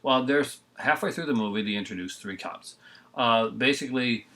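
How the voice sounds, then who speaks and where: A man's voice: mid-range voice, normal speed, sharp tone. A man reviewing a bad movie in casual chat, rambling and exasperated, often joking.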